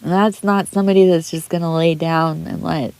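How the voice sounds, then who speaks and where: A woman's voice: low voice, steady tone, brisk, creaky, a little mellow, clean tone, dry recording. A woman who reads tea leaves, speaking in an earnest, rambling way with many restarts. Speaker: tea leaf reader. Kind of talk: heartfelt spoken aside in a reading video.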